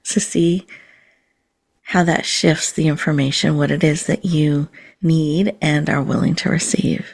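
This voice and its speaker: A woman hosting a podcast, leading listeners through a slow, soothing mindfulness and breathing exercise. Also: sits low, steady tone, gravelly, darkish tone. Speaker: podcast host.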